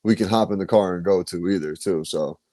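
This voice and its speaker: A podcast host from New banters in a loose, slangy, excited way. His voice is fairly low and mellow, recorded dry and close to the mic. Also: brisk, no echo. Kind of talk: casual interview chat. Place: podcast studio.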